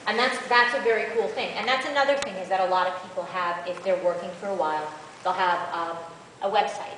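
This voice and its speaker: A woman, a voice actress on a convention panel, answering questions in an animated, chatty and rambling way, recorded by a far camera. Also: medium pitch, quick pace, slight background noise. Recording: echoey hall from far off.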